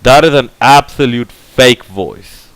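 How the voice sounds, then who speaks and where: Smooth-voiced rambling man reviewing a movie. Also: mid-range voice, slow, fairly bright tone, no echo, rough recording. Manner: rambling, heavy on fillers like "like, you know"; blunt, opinionated. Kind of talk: casual film review monologue.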